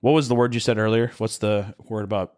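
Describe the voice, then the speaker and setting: A man's voice: on the low side, fairly even intonation, brisk, a little mellow, no room sound, studio quality. A man co-hosting a casual podcast who is drunk, telling crude stories in a rambling way. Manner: crude, rambling storyteller who acts out characters. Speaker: podcast co-host. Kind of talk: casual chat.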